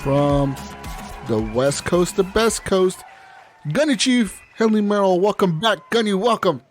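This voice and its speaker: A man's voice: high voice, normal speed, soft background music. A man hosting a casual gaming podcast, loose and laughing, swearing now and then. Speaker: podcast host.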